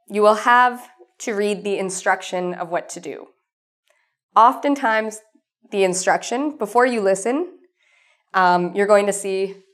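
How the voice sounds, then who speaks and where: A woman teaching an exam lesson to camera, encouraging and repeating her key points. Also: mid-range voice. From North America. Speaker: English teacher.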